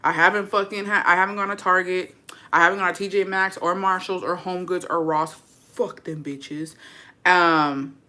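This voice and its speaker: A woman's voice: on the low side, fairly even intonation, moderate pace, bright, forceful tone. A young woman vlogger chatting casually to her viewers, slangy and profane, dropping in Spanish words. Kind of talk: casual chat to camera.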